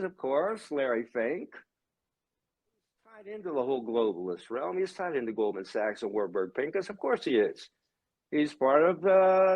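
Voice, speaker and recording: An older man in his seventies speaks as a guest in an emphatic, ranting torrent. His voice sits a bit high for a man and swings widely in pitch and loudness. He sounds heated and insistent throughout. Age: 70s. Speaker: guest, religious brother. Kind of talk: heated conversational monologue.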